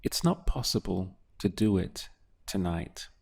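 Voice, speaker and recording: A low-voiced man leads a drill-style language lesson. He speaks very slowly and with a gravelly edge, setting out each phrase and then answering it word by word. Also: lively intonation, a little mellow. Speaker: language teacher.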